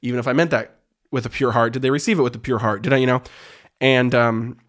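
A man in his thirties with a middle-range voice, talking directly and plainly on a podcast. He is quick and matter-of-fact, often breaking off and restarting his sentences. The sound is a quiet studio room. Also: mid-range voice, fairly even intonation. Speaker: podcast co-host. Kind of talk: casual conversation. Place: quiet room with cameras and lights.

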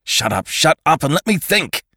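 Weary, short-tempered space traveler , voiced by a deep-voiced man. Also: very animated, unhurried, creaky, no room sound, studio quality, exaggerated voice. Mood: panicked. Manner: tired and short-tempered, shouting in a crisis. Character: weary, irritable adult male space traveler.

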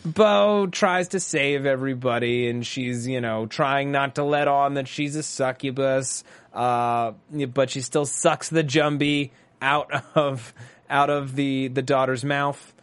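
A man's voice: medium pitch, steady tone, slow, clear, resonant tone, no room sound. A man co-hosting a podcast, chatting casually through a TV episode recap with lots of fillers and restarts. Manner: chatty, rambling with many fillers and restarts, breaks into jokey impressions. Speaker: podcast co-host.

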